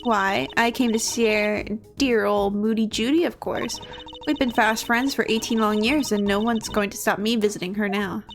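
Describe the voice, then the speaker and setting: A woman's voice: medium pitch, fairly even intonation, moderate pace, faint music behind, close to an everyday voice. A woman voicing a sweet, chatty older female pharmacist with a put-on British accent, calling everyone dear. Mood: cooing. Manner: cooing, calls everyone dear. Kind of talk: reading game dialogue aloud.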